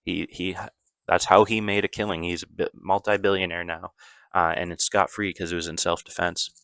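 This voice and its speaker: A man's voice: deep voice, flat delivery, normal speed, fairly bright tone, clear, resonant tone, dry recording. A man casually recapping a movie plot, rambling loosely with lots of fillers and self-corrections.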